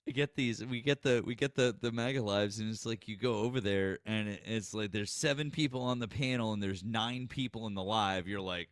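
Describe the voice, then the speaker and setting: A man from the Boston area, guest co-host on a casual livestream, joking and mocking with an expressive delivery. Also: on the low side, fairly quick, hardly any pauses, dry recording, clean studio sound.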